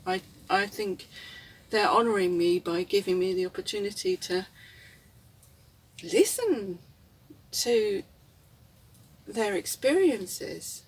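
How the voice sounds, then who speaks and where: A woman's voice: medium pitch, expressive, slow pace, long pauses, slightly rough, far from the mic. A woman, rambling reflectively and candidly in a casual vlog, often chuckling. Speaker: vlogger. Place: inside a camper van.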